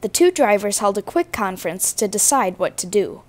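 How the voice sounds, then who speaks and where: A woman reading a children's storybook aloud in a clear, even manner. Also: medium pitch, normal speed. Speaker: storybook reader.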